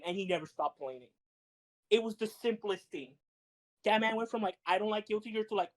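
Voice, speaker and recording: A woman co-hosting a podcast, telling fighting-game stories in animated, laughing casual chat with some swearing. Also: medium pitch, fairly quick, low-quality recording. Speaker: podcast co-host.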